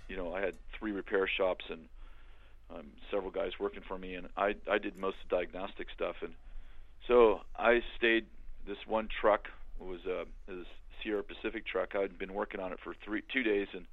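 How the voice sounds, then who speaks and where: An older man telling his story in a halting, conversational way, with many restarts, as a guest on a remote call. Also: deep voice, steady tone, no echo. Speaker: guest, author and minister. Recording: tinny phone-like line.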